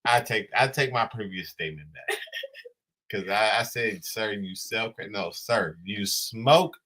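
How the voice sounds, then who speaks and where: A man's voice: fairly low pitch, expressive, slow pace, a bit bright, slightly rough. A young man in a casual chat who teases playfully and keeps cutting in with jokes.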